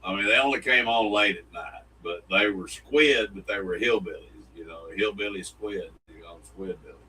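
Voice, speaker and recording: A man's voice: on the low side, moderate pace, bright, forceful tone. A man co-hosting a casual morning show, rambling and joking as he restarts sentences. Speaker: co-host. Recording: distant mic, faint room noise.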